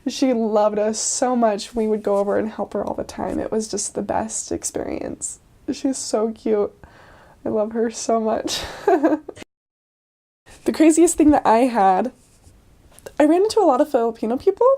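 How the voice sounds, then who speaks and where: Young woman, casual storytelling, chatty with fillers, somewhat high pitch, mellow tone. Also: a little slow. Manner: chatty, full of "like" and "um", laughs often. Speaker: returned missionary.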